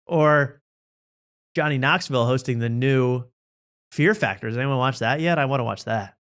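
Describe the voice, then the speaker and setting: A man's voice: mid-range voice, fairly bright tone, clean tone. Sarcastic man hosting a comedy talk show. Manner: sarcastic, rapid riffing.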